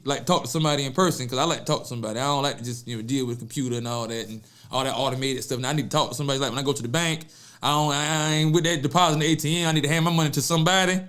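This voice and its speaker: A middle-aged man talks casually into his podcast mic, offering practical advice in loose, easygoing slang. His voice sits a little higher than most men's. He keeps it friendly and conversational, like he is talking to folks he knows. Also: a bit bright. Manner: loose, slangy and chatty, calls listeners "baby"; jokes with his producer. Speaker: podcast host.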